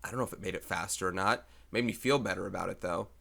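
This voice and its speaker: Chatty math teacher with a bright voice. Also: male voice, sits low, quick pace, gravelly. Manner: chatty, thinks aloud while solving problems. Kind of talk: recorded math lecture, working problems aloud.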